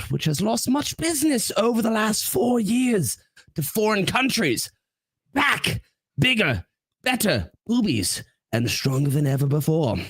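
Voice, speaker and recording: A boastful older male politician voice, as a podcast host puts it on, pitched high above his usual register and swinging widely in pitch. The delivery is grandiose and self-congratulating, like a formal proclamation. It sounds dry and close, with no room around it. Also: fairly bright tone, no room sound, heavily acted. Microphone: headset.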